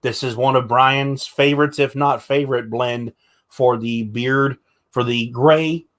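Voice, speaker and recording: A man's voice: mid-range voice, steady tone, a little slow, fairly bright tone. A young adult man hosting a casual livestream, joking with guests and showing products. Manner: chatty, joking, shows products. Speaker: livestream host.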